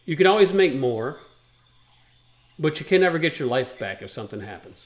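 A man with a somewhat high voice hosts a casual trucking talk show, rambling in a folksy, plain-spoken way. He explains things step by step, and the sound is roomy and echoey. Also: big pitch swings, a little fast.

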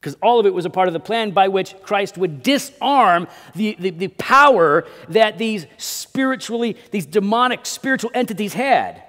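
A man preaching a sermon as pastor, with dynamic delivery that swings between loud emphasis and quiet low drops. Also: expressive, moderate pace, few pauses, long reverb tail. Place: church sanctuary.

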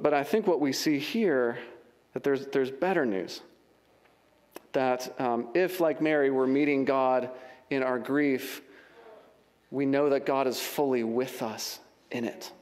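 A man's voice: fairly high pitch, darkish tone. A male pastor delivering a sermon with passion, stacking repeated phrases into building lists. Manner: impassioned, repeats phrases for emphasis.

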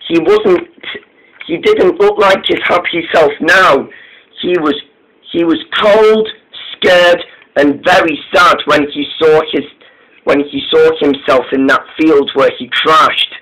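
A man narrating a storybook tale in a slow, earnest amateur style. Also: fairly high pitch, a bit bright, low-quality recording. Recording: clear background music.

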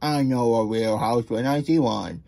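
A man's voice: mid-range voice, unhurried, creaky, mellow. A man voicing a stern, bossy beach contest judge in a storybook reading.

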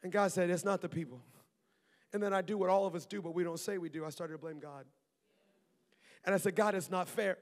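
A man preaching a sermon as pastor, lively and talkative, with asides to the congregation and laughter. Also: high-pitched, fairly quick, pauses often, in a large hall. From Maryland. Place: church auditorium.

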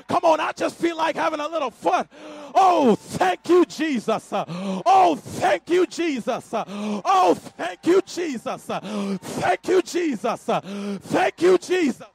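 A man preaching a Pentecostal sermon, shouting in call-and-response and dropping to quiet asides. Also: very high-pitched, gravelly. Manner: breathless, drops to quiet asides. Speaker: pastor.

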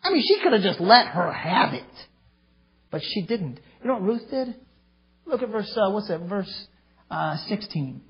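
A male pastor preaching a sermon emphatically, with sudden loud outbursts. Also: sits high, sing-song, unhurried, dull audio, heavy background noise. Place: church.

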